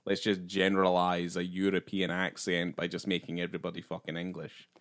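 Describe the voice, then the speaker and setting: A man's voice: sits low, monotone, fairly quick, fairly bright tone. A man co-hosting a podcast, chatting casually about a film, rambling and hesitant with filler words and casual swearing. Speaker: podcast co-host. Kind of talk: casual film review chat.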